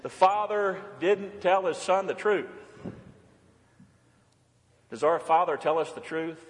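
A man delivers a sermon in a church, with a notably high voice that keeps hammering repeated phrases for emphasis. His words ring out in a long reverberant hall. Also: slow pace. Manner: preaching with repetition and rising emphasis. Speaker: pastor.

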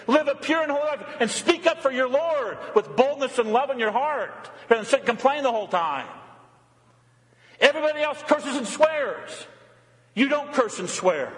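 High-voiced preacher in a reverberant hall. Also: male voice, fairly bright tone. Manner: emphatic preaching, rising and dropping to a murmur. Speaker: pastor. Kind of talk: sermon. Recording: long reverb of a church hall.

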